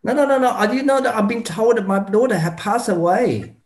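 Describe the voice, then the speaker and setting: A man playing the angry, grieving mother of a patient in a medical role-play, loud and insistent. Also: sits high, expressive, moderate pace. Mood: angry, distraught. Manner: loud, insistent, repeating demands. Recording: roomy echo.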